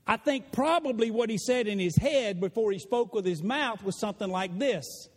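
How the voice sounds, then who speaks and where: A man preaches, his voice sitting unusually high and swinging through a wide, lively range. He builds to shouts in an animated sermon. The sound rings with the long reverb of a large church. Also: a little slow. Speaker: pastor. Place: church sanctuary.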